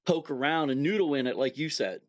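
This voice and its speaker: A middle-aged man hosting a podcast, telling a relaxed, easygoing story in casual conversation. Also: fairly high pitch, fairly quick, highs cut off. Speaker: podcast host.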